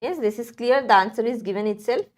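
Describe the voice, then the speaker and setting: A woman teaching English grammar in a live exam analysis, explaining slowly and often restarting with fillers. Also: on the high side, a little mellow. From India.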